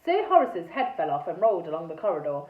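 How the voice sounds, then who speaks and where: A woman teacher with an English accent, reading a children's story aloud with expressive narration, heard in a tinny, echoey recording. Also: fairly low pitch, fast, distant mic. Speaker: primary school teacher. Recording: tinny phone-like sound in echoey room.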